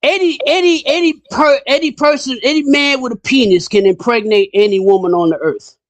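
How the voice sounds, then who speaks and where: A man hosting a casual podcast chat, talking bluntly and in an animated way, his pitch jumping up when he gets riled. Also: a little fast, no room sound. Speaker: podcast host.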